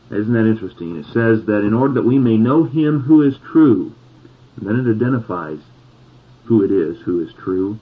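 A man preaching a sermon, reading scripture slowly and pausing on key words for emphasis. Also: fairly low pitch, expressive, husky. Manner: slow, deliberate scripture reading with emphatic pauses. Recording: tinny phone-like sound.

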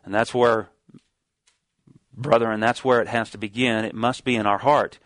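A man preaching a sermon, reading scripture slowly and stressing key words, with some restarts as he explains. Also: lowish voice, fairly even intonation, a bit bright, no room sound.

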